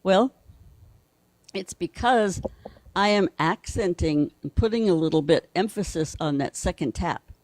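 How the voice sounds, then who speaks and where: A man's voice: sits high, unhurried, no room sound. A man from Brazil, a guest drummer, patiently explaining and counting rhythms aloud in a drum lesson.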